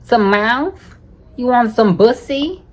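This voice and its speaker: A woman's voice: fairly high pitch, animated, slow pace. A woman from the United States telling a storytime vlog in a sassy, profane way, tossing in "honey" at every turn. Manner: sassy, profane, calls listeners honey constantly. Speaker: storytime vlogger. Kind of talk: casual storytelling.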